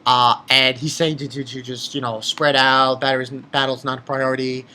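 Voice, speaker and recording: A man casually reviewing a manga chapter, excitable, swearing freely and reading scenes aloud. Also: medium pitch, normal speed.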